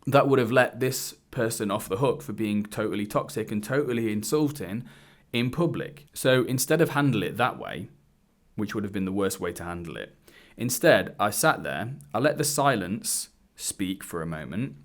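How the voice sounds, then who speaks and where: Low-voiced man telling a candid story. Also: lively intonation, normal speed. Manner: candid, swearing, acts out quoted dialogue. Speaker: dating coach. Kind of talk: casual storytelling to camera. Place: indoors, wearing a hood. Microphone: camera mic.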